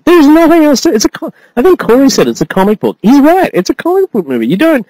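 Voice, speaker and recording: A man's voice: very high voice, fast talker, no room sound, low-quality recording. A man co-hosting a podcast, ranting in a casual chat, swearing freely and breaking into laughter. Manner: animated, swearing, laughing rant. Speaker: podcast co-host.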